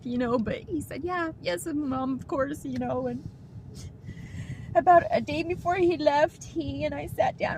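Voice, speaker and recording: A middle-aged woman speaks to her viewers in a high voice, telling a personal story. Her speech is halting and emotional, with restarts and soft laughs. Noise is clearly heard behind her, with passing vehicles. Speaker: vlogger.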